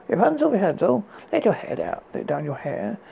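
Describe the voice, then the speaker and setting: A man's voice: high voice, sing-song, moderate pace, vocal fry, phone-quality sound, slight background noise, pitched above the performer's own voice, exaggerated voice. A man doing a proud young prince. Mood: urgent. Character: proud young prince, impatient and easily flustered.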